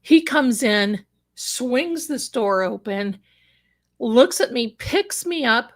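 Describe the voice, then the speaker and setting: A woman's voice: a little high, lively intonation, takes it slowly. A middle-aged woman telling a personal story on a live stream, acting out the voices of the people in it with emotion. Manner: emotional, acts out quoted voices. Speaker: psychic guest telling her story.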